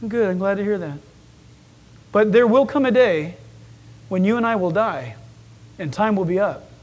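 Male preacher, very high voice, lively storyteller who acts out voices. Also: moderate pace. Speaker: pastor. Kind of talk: sermon.

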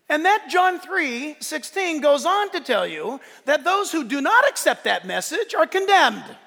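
A pastor delivers a sermon with lively, animated energy, briefly acting out the voices he quotes. His very high voice is bright and forceful, with vocal fry, and he speaks unhurriedly with hardly any pauses. The sound carries through a large hall with a long, trailing reverb.

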